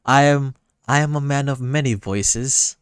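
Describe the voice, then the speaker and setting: Laid-back, slow-talking male streamer. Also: medium pitch, smooth, no room sound. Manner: easygoing, self-deprecating. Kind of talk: casual livestream chat.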